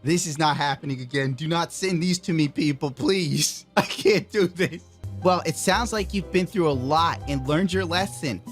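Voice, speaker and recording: A man with a fairly high voice giving loose, joking reaction commentary, laughing and sounding incredulous as he reads messages aloud in mocking voices. Faint music plays underneath. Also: moderate pace. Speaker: streamer reacting to dating-app messages.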